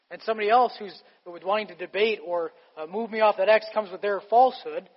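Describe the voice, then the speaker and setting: A male pastor with a high voice, preaching emphatically in a relaxed, conversational way. His voice carries the long reverb of a large hall. The recording sounds a little muffled. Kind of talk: sermon.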